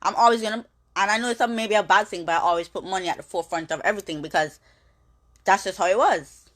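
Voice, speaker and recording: A woman's voice: medium pitch, a bit bright. Rambling young woman talking candidly. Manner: rambling, halting restarts. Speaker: social media personality. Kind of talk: candid monologue.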